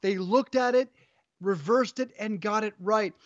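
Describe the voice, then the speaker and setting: A man hosting sports talk radio, upbeat and brisk, teasing his co-host. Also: sits high, dry recording, highs cut off.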